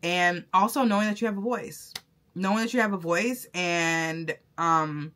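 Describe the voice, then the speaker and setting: A woman's voice: lowish voice, measured pace, a bit bright. A woman talking to her viewers in a casual vlog, chatty and effusive, full of fillers and restarts. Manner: effusive and emotional, talks straight to viewers. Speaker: vlogger and content creator. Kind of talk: casual vlog talk to camera.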